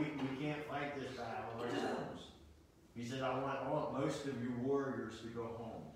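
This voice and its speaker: A middle-aged man preaching a sermon as pastor, earnest, asking rhetorical questions and often restarting his phrases. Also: medium pitch. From United States. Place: church sanctuary. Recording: echoey church hall, distant mic, faint noise.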